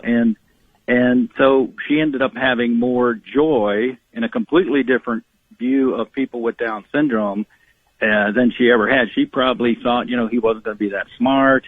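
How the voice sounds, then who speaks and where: A man guesting on a radio show over a tinny, narrow phone line. His voice is husky and dry, and he tells family stories earnestly, restarting often and acting out quotes. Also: medium pitch, no room sound. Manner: earnest storyteller, many restarts and acted quotes. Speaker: author and guest. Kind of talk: radio interview storytelling.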